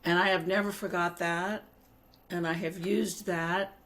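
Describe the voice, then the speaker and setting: A woman with a New Orleans accent, a congregant earnestly telling a personal story and clearing her throat now and then. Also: lowish voice, steady tone, unhurried, fairly bright tone. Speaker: congregant sharing a memory. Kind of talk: personal anecdote.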